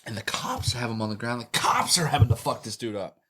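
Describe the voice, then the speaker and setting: A man's voice: medium pitch, animated, fast talker, a loud crowd. A middle-aged man and tattoo artist telling rambling, profane stories in a casual podcast chat.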